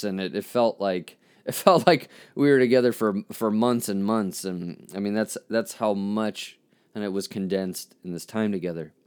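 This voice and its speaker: A man telling a candid personal story as a podcast host, halting and reflective, often restarting his sentences. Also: fairly low pitch, darkish tone. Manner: frank, self-critical.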